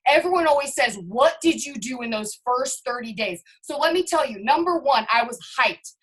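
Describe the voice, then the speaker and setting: Speaking to her team by video call, a network marketing leader delivers an all-out pep talk with lively intonation at a moderate pace. Her voice is bright and high-pitched yet husky, her manner hyped and emphatic with frequent direct address, and the recording is low-quality.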